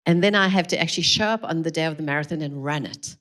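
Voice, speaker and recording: Middle-aged woman, lower register, earnest and encouraging, live talk to an audience on a mic. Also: quick pace, fairly bright tone. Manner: earnest, encouraging, addresses the room directly. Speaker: speaker at a church parenting evening. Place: large room with a live audience.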